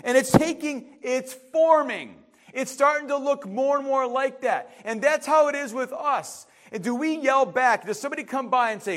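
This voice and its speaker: A male pastor with a high voice delivers a conversational sermon. He slows down for emphasis, drops his voice for the quiet lines and acts out the quotes in between. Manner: conversational preaching with dramatic pauses and acted quotes.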